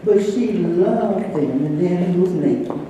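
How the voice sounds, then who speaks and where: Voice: mid-range voice, expressive, measured pace, dark tone, slight background noise. Shaky older eulogy speaker in an echoey church. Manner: shaky, emotional, chatty storyteller. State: trembling with emotion. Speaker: eulogy speaker, close friend of the deceased. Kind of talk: personal storytelling eulogy. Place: church memorial service. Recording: echoey church hall from far off.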